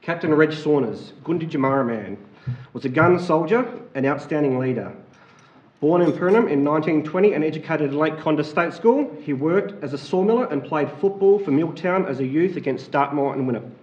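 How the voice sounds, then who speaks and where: Australian man chairing a council meeting, halting delivery, fairly high voice, roomy dull chamber audio. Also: lively intonation, a little mellow. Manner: halting, many fillers. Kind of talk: formal council address.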